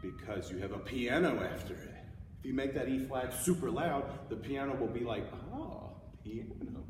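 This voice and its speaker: A man's voice: mid-range voice, moderate pace. A man giving a casual, upbeat music lesson, explaining how to play a passage. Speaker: music teacher. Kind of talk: instrument tutorial. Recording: echoey room from far off.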